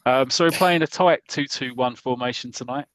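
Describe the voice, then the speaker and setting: A man's voice: mid-range voice, a little fast, fairly bright tone, slight background noise, poor audio. A British man hosting a podcast, playfully introducing each member of the team in a casual chat. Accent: British English. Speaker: podcast host.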